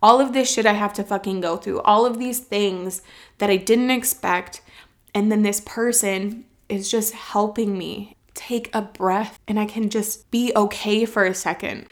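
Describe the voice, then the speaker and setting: A woman in her twenties recounts her own experience in a candid, unpolished way. She is blunt and swears freely, and her voice is mid-pitched for a woman. Her telling carries an emotional edge, as if she is working not to cry. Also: steady tone, measured pace. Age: 20s. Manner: emotional, fighting back tears at times. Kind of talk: candid personal storytelling.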